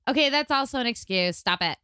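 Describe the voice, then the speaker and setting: A woman's voice: a little high, expressive, fast, pushed and bright, clean tone, no room sound, clean studio sound. A woman co-hosting a podcast, explaining facts in a nerdy way and teasing her co-host. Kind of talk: casual chat.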